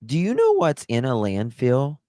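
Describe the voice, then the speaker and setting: A man's voice: medium pitch, wildly swooping pitch, warm tone, dry recording. A man hosting a live stream, talking with indignant passion and thanking his chat viewers by name. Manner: impassioned and indignant, stretching words slowly. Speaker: livestream host. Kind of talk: emotional live-stream commentary.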